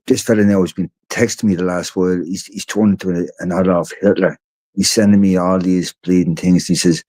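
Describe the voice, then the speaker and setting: A man's voice: low voice, steady tone, brisk, warm tone. A tired Irish man chatting casually on a livestream, rambling and swearing freely. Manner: rambling and profane. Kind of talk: casual chat.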